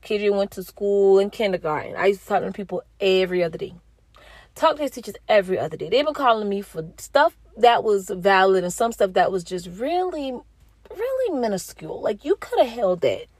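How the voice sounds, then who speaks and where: A woman's voice: a little fast, no echo. A woman in her thirties, a mother, speaking earnestly and a little preachy as she gives viewers a spiritual message and her own story. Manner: earnest, preachy, talks straight to the audience; expressive, jumps into high pitch when quoting herself. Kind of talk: casual spoken testimony to viewers.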